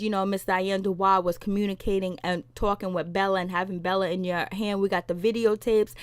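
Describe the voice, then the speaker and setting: A TV recap vlogger gives a casual, animated rundown of a TV episode, retelling scenes with laughs and attitude, with some of it in her speech. Her voice is medium-pitched and the recording is dry.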